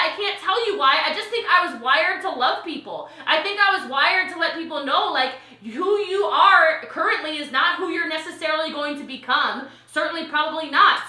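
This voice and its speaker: A woman from Maryland, a network marketing coach, talking to her team on a livestream in an excitable, gushing way. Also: very high voice, reverberant. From Maryland, USA. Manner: excitable and gushing, with big swings in loudness. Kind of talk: live-streamed team training. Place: home in Texas.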